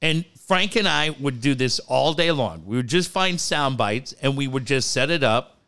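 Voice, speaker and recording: A man telling radio stories in casual chat, profane and animated. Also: medium pitch, moderate pace. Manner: animated, profane, mimics voices in anecdotes. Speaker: sports radio host.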